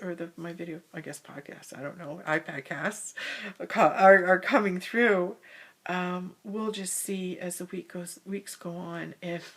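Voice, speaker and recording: A woman telling a personal spiritual story in a casual monologue, recorded in the hall of her house, sometimes dropping to a soft whisper. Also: fairly low pitch, little pitch movement, normal speed, vocal fry. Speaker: spiritual speaker.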